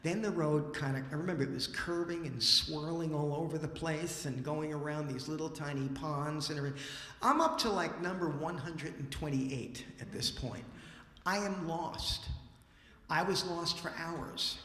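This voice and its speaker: Bright-voiced storyteller man in an echoing hall. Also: on the high side, moderate pace. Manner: lively, acts out dialogue, casual asides. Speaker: musician and storyteller on stage. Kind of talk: animated live storytelling. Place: library event hall. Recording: roomy hall with long reverb.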